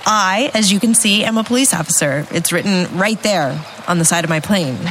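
A woman's voice: mid-range voice, animated, brisk, a bit bright, slight background noise, lightly acted. A woman with a Midwestern accent voicing a frustrated police constable in a comedy sketch. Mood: exasperated. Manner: pleading and exasperated.

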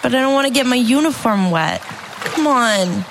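A woman's voice: on the high side, expressive, moderate pace, vocal fry, noisy background, voice pushed up. A woman with a Midwestern accent voicing a frustrated police constable in a comedy sketch. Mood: exasperated. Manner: pleading and exasperated.

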